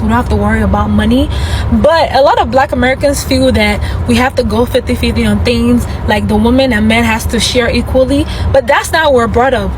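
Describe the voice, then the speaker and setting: Nigerian woman, higher voice, confident, lists her points, cars and street noise behind. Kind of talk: social media clip.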